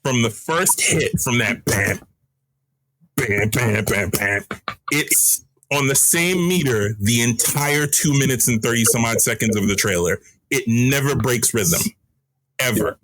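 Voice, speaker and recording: A man's voice: medium pitch, lively intonation, unhurried, fairly bright tone, poor audio. A man co-hosting a podcast, chatting casually and explaining things with eager, detailed enthusiasm. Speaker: podcast co-host. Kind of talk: casual chat.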